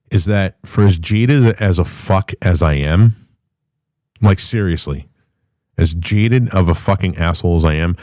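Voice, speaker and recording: A man's voice: low-pitched, darkish tone, no room sound, studio quality. A middle-aged man hosting a podcast, rambling through a casual, profane monologue full of restarts. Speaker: podcast host.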